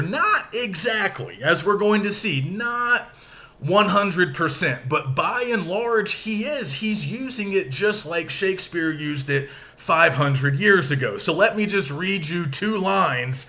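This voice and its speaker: Slow, bright-voiced male teacher. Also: high-pitched. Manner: slow, explanatory, stresses syllables aloud. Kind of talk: recorded lecture.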